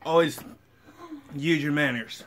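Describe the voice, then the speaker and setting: A man's voice: on the high side, unhurried, background noise. A man casually chatting on camera at home while he eats spicy food, with hiccups between his lines. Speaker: vlogger eating hot sauce.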